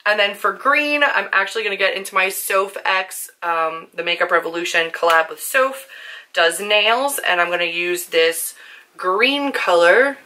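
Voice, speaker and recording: A young woman with a hoarse, worn-out voice, chatting casually to camera about her makeup, nervous and full of "like" fillers. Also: medium pitch, measured pace, bright, forceful tone. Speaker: book and beauty vlogger.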